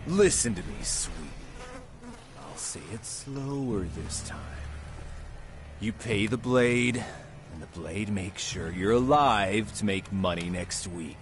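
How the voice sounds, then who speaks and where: An actor playing a smug, condescending extortionist who threatens a shopkeeper in a video game, speaking in a slow, deliberate, patronizing way. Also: male voice, mid-range voice, big pitch swings, darkish tone, a little hiss or hum. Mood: threatening. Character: menacing adult male extortionist, smug and condescending. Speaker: protection-racket villain.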